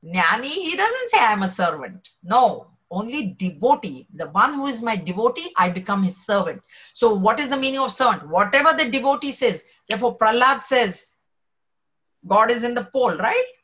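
A woman, a spiritual teacher telling a devotional story in a lively way and acting out the characters' voices. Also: on the high side, moderate pace, muffled recording.

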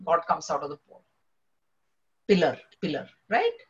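A woman, a spiritual teacher telling a devotional story in a lively way and acting out the characters' voices. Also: sits low, normal speed, muffled recording.

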